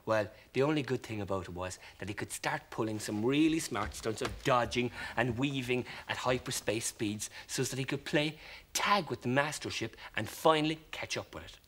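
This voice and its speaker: An Irish man presenting a children's TV show, telling a story in an animated, expressive way. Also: medium pitch, moderate pace.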